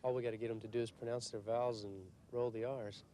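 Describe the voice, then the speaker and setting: Texan man, quick and loose, interview answers with faint background noise. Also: medium pitch. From Texas. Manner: relaxed, hesitant with fillers. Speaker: accent teacher interviewed.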